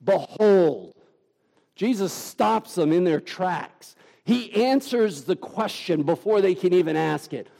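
Gravelly, slow-preaching man. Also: high voice, darkish tone, big-room sound. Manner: emphatic, deliberate preaching with dramatic pauses. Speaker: pastor. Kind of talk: sermon.

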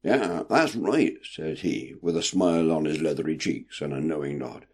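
A man reading a story aloud in an expressive, vivid narrating style. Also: a bass voice, moderate pace.

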